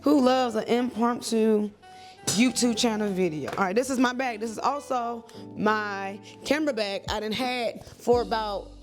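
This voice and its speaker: A woman in her thirties, a church and wedding photographer, chatting to camera at home in a lively, rambling way. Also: on the high side, unhurried, faint music behind. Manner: chatty, animated, digressive. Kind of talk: casual talk to camera.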